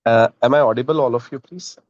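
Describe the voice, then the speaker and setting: A man's voice: mid-range voice, quick pace, dry recording. A man asks questions through a remote call, the sound dull, dry and lo-fi. He is very polite and formal, addressing the speaker respectfully and thanking her again and again. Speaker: audience member asking questions.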